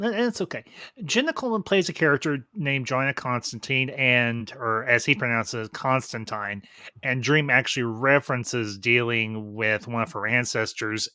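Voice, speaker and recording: A man's voice: mid-range voice, pushed and bright, clear, resonant tone, no echo. A man hosting a casual review chat, rambling and restarting as he recalls details. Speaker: host.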